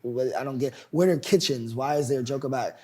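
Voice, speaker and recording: A man's voice: medium pitch, a little fast. A man in his twenties, a playwright and showrunner, telling his story in a casual interview and acting out the people he quotes. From United States. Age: 20s. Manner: animated, acts out quoted voices loudly.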